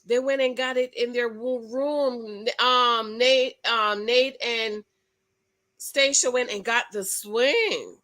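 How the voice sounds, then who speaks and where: A woman hosting her own channel, chatting through a reality TV recap with gossipy asides and quick exclamations. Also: fairly high pitch, fairly even intonation, bright, forceful tone. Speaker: channel host. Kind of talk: casual reality TV recap commentary.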